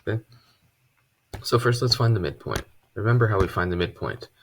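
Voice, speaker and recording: A man teaching a casual math lesson at a board, relaxed and chatty, with joking asides. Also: fairly low pitch, fairly quick, slight background noise. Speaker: math tutor.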